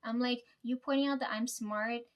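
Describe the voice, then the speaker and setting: A young woman vents in a loose, casual monologue. Her voice sits a little high, and she talks bluntly, swears freely and keeps tagging her lines with "right?". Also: steady tone, normal speed. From Canada. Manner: blunt, heavy swearing, constant "right?" tags. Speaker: vlogger.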